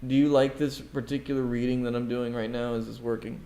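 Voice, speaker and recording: A man's voice: medium pitch, level tone, fairly quick, mellow. A man reading news articles aloud on a livestream, breaking off with sarcastic, mocking asides to his chat.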